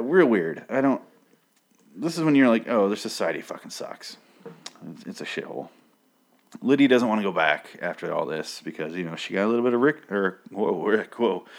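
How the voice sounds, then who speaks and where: A man casually recapping a story, rambling with crude jokes and sarcastic asides. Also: deep voice. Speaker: comic book recap host.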